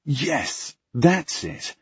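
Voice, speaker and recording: Brief: man voicing an easygoing young nobleman, raspy and lifted in pitch, dull dry audiobook sound. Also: big pitch swings, drawn-out words, dry recording, exaggerated voice.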